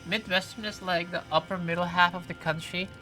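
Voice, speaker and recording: A game streamer talks over a live session at a mid-range pitch, reading out viewer messages and replying in loose, rambling sentences full of "like" and restarts. Game music plays clearly behind the voice on a close desk mic. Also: fairly even intonation, fairly quick, bright, forceful tone, low-quality recording. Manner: chatty, reads viewer comments aloud and answers them; frequent "like" fillers and self-corrections. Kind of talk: casual live-stream chat while playing.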